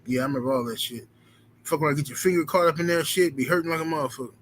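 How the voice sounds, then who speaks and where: A man talking casually on a livestream, swearing freely as he rambles from one riff to the next. His voice sits a little higher than most men's, and a faint hiss runs underneath it. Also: racing. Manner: profane, rambling, animated storytelling. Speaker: livestream host reading super chats.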